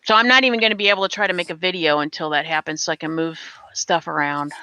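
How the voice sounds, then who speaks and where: Bright-voiced American woman streamer. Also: lowish voice, fairly even intonation, fast talker, smooth, no room sound. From United States. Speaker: livestream host. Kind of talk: casual chat while gaming.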